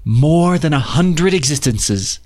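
A man's voice: on the high side, lively intonation, slow, darkish tone. A devoted mother goddess from an old storybook, put on by a male reader. Her words come tender and soothing.

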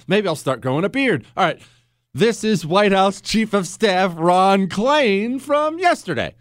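A man hosting a talk radio show, delivering a sarcastic, animated monologue into a studio mic. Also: high voice, a little slow, no echo.

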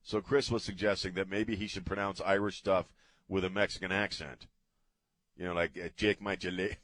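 A man's voice: low voice, steady tone, normal speed, a bit bright, no echo. A middle-aged man hosting a talk radio show, ranting sarcastically in a studio. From United States. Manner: sarcastic, ranting, swears casually. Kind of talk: opinionated talk radio monologue. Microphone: studio broadcast mic.

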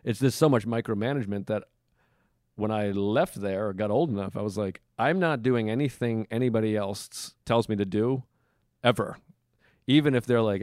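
A man hosting a podcast in casual chat, recorded in a hotel room, who acts out the people he quotes with sudden jumps in pitch. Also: moderate pace, a little mellow, no room sound, clean studio sound. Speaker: podcast host.

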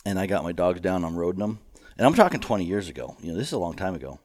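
A man's voice: sits low, animated, very fast, darkish tone, no echo, clean studio sound. A man hosting a podcast in casual chat, rambling and laughing as he tells stories. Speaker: podcast host.

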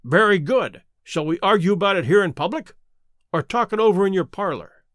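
Brief: a man playing a calm, sharp detective, fairly high voice, very dry recording. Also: fairly quick, dry recording. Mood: cool. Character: cool, precise male detective, middle-aged.

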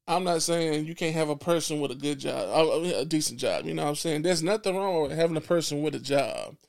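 Blunt, gravelly-voiced man sounding off. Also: on the high side. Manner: blunt and profane, with frequent restarts; emphatic and preachy. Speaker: podcast guest. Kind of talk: casual opinionated podcast chat.

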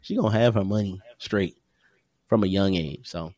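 A man's voice: low voice, moderate pace, dark tone. A man co-hosting a casual podcast over a call, a slangy, swearing storyteller who acts out what others said. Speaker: podcast co-host. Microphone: remote call mic.

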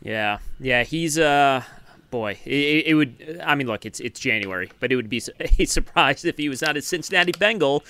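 A man's voice: medium pitch, lively intonation, normal speed, sharp tone, slight background noise. A man hosting a sports podcast, talking in an easygoing way with hesitant fillers. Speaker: podcast host. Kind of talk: casual chat.

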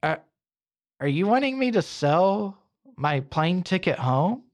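A man's voice: high-pitched, big pitch swings, slow, voice pushed up, full character voice. Man playing a nervous, stammering believer. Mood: pleading. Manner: hesitant, pleading, stammering restarts. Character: confused, nervous, faithful man gambling on a prayer.

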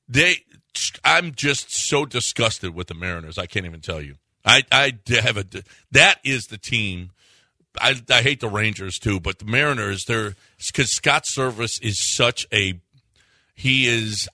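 A man's voice: lowish voice, pushed and bright, dry recording, clean studio sound. A male sports radio co-host, heated and emphatic, repeating his points.

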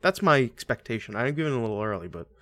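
A man co-hosting a podcast, chatting casually about a movie with quick jokes, asides and frequent laughs. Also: mid-range voice, sing-song, fairly bright tone. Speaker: podcast co-host.

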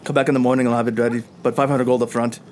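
A man voicing a gruff, businesslike male dwarf blacksmith in a put-on Scottish accent. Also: mid-range voice, flat delivery, very fast, darkish tone, a little hiss or hum, close to an everyday voice.

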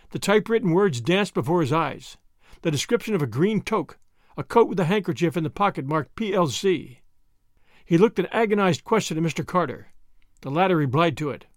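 A man reading a novel aloud as a narrator, with steady storytelling. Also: fairly high pitch, a little fast, no room sound, studio quality. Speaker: audiobook narrator. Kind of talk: scripted narration.

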